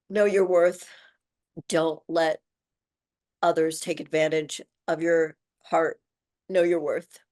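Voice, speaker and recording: A woman's voice: lowish voice, a little mellow. Earnest woman in her sixties, encouraging. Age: 60s. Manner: earnest, encouraging, speaks directly to women listeners. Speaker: podcast host. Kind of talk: heartfelt solo podcast monologue.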